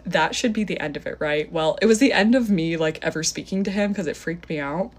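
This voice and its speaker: A woman's voice: on the low side, a little fast. A young woman telling a casual storytime to her phone in a chatty, filler-heavy way, acting out what people said. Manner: chatty, filler-heavy retelling with acted-out quotes.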